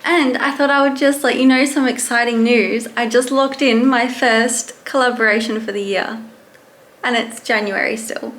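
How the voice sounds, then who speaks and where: Chatty higher-voiced woman vlogger. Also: steady tone, normal speed, fairly bright tone. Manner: chatty and rambling, loses her train of thought. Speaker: small business vlogger. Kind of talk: casual vlog chat to camera. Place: at home.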